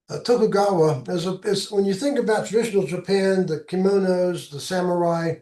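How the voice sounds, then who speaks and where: A man giving an informal slide presentation as a presenter, explaining in a halting, plainspoken way. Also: on the high side, mellow, far from the mic. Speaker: presenter giving a travel talk. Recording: echoey room sound.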